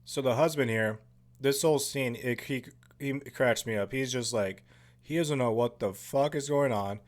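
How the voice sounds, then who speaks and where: A man giving casual, profane commentary over a horror film, excitable and full of jokey asides. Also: medium pitch, moderate pace. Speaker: movie commentary host.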